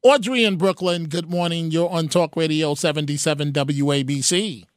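A man hosting a talk radio show and taking calls, talking in an animated, sarcastic way and repeating words for emphasis. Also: fairly high pitch, moderate pace, dry recording, clean studio sound. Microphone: studio microphone.

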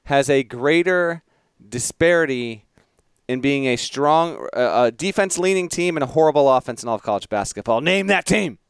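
A man co-hosting a casual sports podcast, playful and quizzing his co-host with quick laughs. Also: on the high side, expressive, clean tone, dry recording, studio quality.

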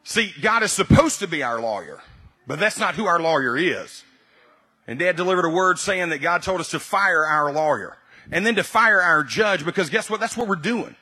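A man preaching to his congregation in a husky, slightly high voice. He has a bright, pushing tone. He repeats his points for weight and climbs into loud, emphatic bursts. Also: expressive, moderate pace. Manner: repeats key phrases for emphasis, builds to loud emphatic peaks. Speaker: pastor. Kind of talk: sermon.

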